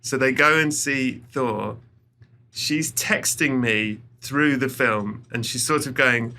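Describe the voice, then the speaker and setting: A middle-aged English man, a podcast guest, telling stories with lively acted-out quotes. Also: medium pitch, slow pace, a little hiss or hum. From England. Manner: animated storyteller, acts out quoted lines. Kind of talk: casual podcast chat.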